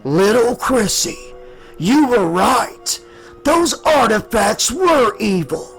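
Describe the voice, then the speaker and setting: Sadistic burned dream killer, growling, mocking, high and shouty, faint music underneath. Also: male voice, lively intonation, takes it slowly, creaky, full character voice. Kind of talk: audiobook narration.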